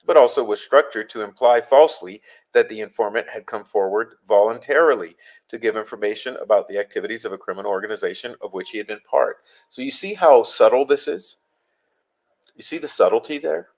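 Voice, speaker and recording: A man acting as a legal commentator, reading legal passages aloud and explaining them deliberately, stressing key phrases. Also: on the low side, low-quality recording.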